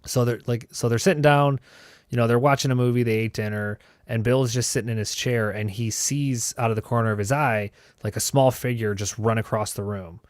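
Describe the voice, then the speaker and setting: A man's voice: medium pitch, steady tone, brisk, no room sound, studio quality. A man hosting a show, telling a story in a loose, casual way, swearing and filling his talk with "like" and "you know". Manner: loose and profane, heavy with fillers. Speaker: host.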